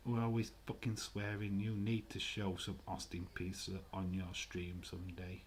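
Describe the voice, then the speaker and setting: A man's voice: low-pitched, monotone, moderate pace, slight background noise. A man hosting a live stream, chatting casually in a rambling way, swearing freely and reading viewer comments aloud. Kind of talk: casual watch-along chat.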